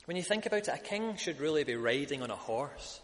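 A man preaching a sermon, building to loud, emphatic peaks when he quotes a crowd. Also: fairly high pitch, lively intonation, a little fast, in a large hall. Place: church.

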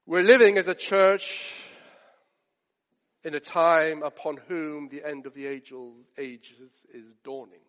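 High-pitched guy preaching a sermon, earnest, repeats himself for emphasis, long echo like a big church. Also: steady tone, slow, a bit bright.

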